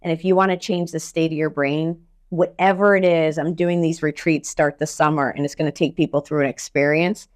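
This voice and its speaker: Energetic and blunt, a woman who works as a mental skills coach swears casually as she tells stories during a podcast interview. Her voice sits low and her pace is brisk.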